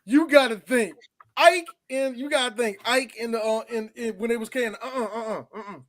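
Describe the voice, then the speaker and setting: A man's voice: very high-pitched, brisk. A man co-hosting a live podcast, chatting casually and joking, often acting out lines from a film. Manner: animated, joking, acts out lines. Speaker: podcast co-host. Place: live show stage.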